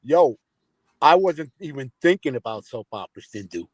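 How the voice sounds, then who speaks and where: A man's voice: mid-range voice, sing-song, moderate pace, a crowd in the background. A man who has joined a livestream as a guest, telling a childhood memory in casual, informal chat. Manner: storytelling, informal. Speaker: guest caller.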